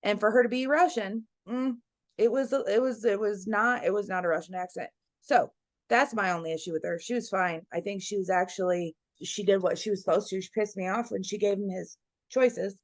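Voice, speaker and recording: A woman's voice: mid-range voice, normal speed, dry recording. A woman talking bluntly and with feeling in a casual podcast discussion, swearing freely. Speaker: podcast co-host.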